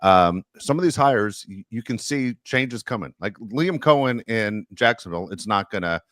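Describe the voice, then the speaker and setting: A low, deep-voiced man hosts a casual sports podcast. He rambles and jokes, circling back with fillers as he talks. The sound is close and dry, with no room in it. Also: expressive, moderate pace, fairly bright tone, no room sound. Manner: rambling, joking, frequent fillers. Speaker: podcast host.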